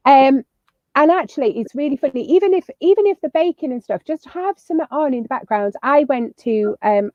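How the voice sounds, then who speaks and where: As a guest on a video call, a woman with a medium-pitched voice gives chatty, upbeat parenting advice in a casual conversation, full of fillers and restarts. There's no echo, though the lo-fi audio is slightly muffled.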